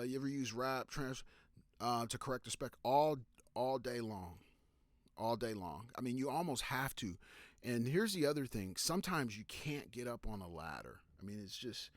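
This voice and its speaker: A medium-pitched man, recorded dry, talks through photography tips on a relaxed live stream. He restarts sentences, uses fillers and breaks off now and then to take viewer questions.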